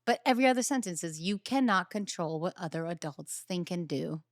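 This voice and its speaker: A woman's voice: fairly low pitch, a little fast, no echo, studio quality. A young adult woman hosting a podcast in casual chat, telling stories with acted-out quotes and casual swearing. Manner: animated storyteller, acts out quotes, swears casually. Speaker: podcast host.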